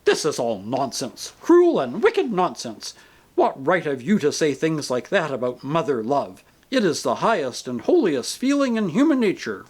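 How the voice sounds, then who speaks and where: A man voicing a grieving woman ghost, a possessive mother who talks in a sharp, demanding, indignant way, for a storybook reading. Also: a little high, sing-song, normal speed, breathy edge. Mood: indignant, aggrieved. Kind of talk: audiobook character reading.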